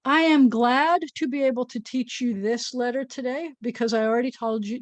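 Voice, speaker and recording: A woman's voice: on the high side, moderate pace, few pauses, no room sound. A woman rabbi giving an informal Hebrew reading lesson, patiently sounding out letters and syllables with a playful touch.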